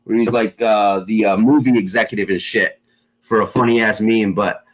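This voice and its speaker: A man's voice: on the low side, steady tone, normal speed, a little hiss or hum, rough recording. A man hosting a casual chat show, rambling with lots of fillers and constant swearing. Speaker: show host.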